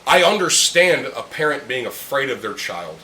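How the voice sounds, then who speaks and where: A young man ranting with heavy profanity, his voice bright and higher than most, swinging up and down as he talks. He sits in an echoey room with a faint hum of ambience behind him, chatting over beers with friends. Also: very animated, normal speed. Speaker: podcast host. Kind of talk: casual chat. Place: room with friends drinking beer.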